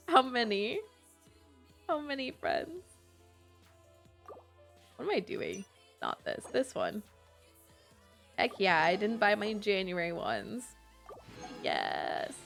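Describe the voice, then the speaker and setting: A young woman streamer chats casually with her audience and laughs often. Her delivery is slow, and her voice has a gravelly edge. Faint game music runs in the background. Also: medium pitch, a bit bright. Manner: chatty, giggly, reads chat aloud. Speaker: Twitch streamer. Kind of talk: casual live stream chat.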